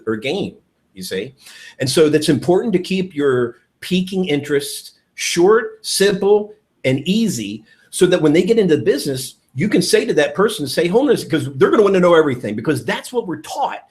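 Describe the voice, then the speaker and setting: A man giving a network marketing training talk, excitable and acting out phone calls with sudden bursts of shouting. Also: on the high side. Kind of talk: animated sales training talk.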